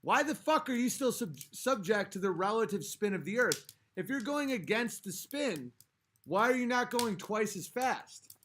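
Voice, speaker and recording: A man's voice: high-pitched, expressive, moderate pace, a bit bright, a little hiss or hum. A man hosting a livestream, ranting heatedly with lots of swearing while reading chat comments aloud, a few drinks in. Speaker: livestream host. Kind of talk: late-night livestream rant.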